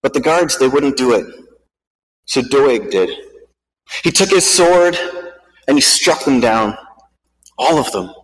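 A man's voice: mid-range voice, expressive, slow, pauses often. A man voicing a breathless, frightened male priest who urgently reports a massacre, recorded with a long hall reverb. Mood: shaken.

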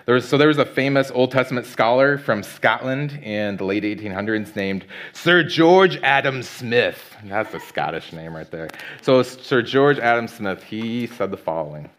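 A man in a sermon, preaching in a relaxed, conversational way with frequent casual asides. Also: mid-range voice, normal speed, few pauses. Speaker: pastor.

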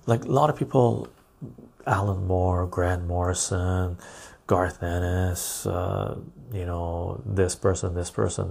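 A man's voice: deep voice, vocal fry, darkish tone. A man hosting a casual live stream, rambling as he reads viewer comments aloud and answers them. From Canada.

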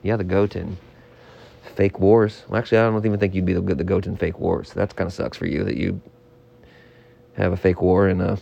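A man co-hosting a comedy podcast, halting and exasperated as he tries to keep the talk on track. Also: deep voice, little pitch movement, creaky, warm tone, lo-fi sound.

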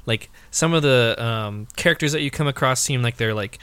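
A man talks through a video game in a relaxed podcast chat, his voice at a middling pitch. He hesitates a lot, pausing on fillers and restarting his thoughts. The sound is dry and close, with no room around it. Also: smooth, dry recording. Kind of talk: casual video game discussion.

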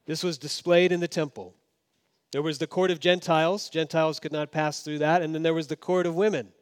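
A man in a fairly high register preaching a sermon. His delivery swings between forceful, raised emphasis and quiet, dropped-down phrases. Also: steady tone, brisk, clear, resonant tone. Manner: dynamic, swinging from emphatic loud to hushed low. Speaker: pastor.

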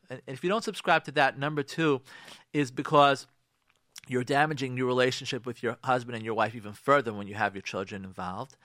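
Man, rabbi giving marriage advice, emphatic and preachy, swooping animated pitch, dry close sound. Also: no room sound. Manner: emphatic, preachy, with repeated rhetorical questions; frequent restarts and repeated words. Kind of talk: radio talk on marriage.

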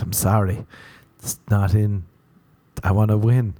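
A man from Ireland who does stand-up delivers a loose podcast monologue while sunburnt, full of swearing, playful anecdotes and mocking impressions. His low voice is warm and level at a moderate pace, recorded without room sound.

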